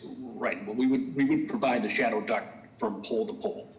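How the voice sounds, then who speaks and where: A man's voice: mid-range voice, normal speed, reverberant, highs cut off. A man petitioning at a public hearing, speaking hesitantly with many restarts. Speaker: utility company petitioner.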